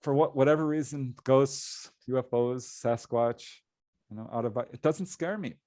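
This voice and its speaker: Man, middle-aged, mid-pitched voice, animated storyteller, laughs often, dry close recording. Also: moderate pace, no echo. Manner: lively, laughs often while telling a tale. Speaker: guest, paranormal author.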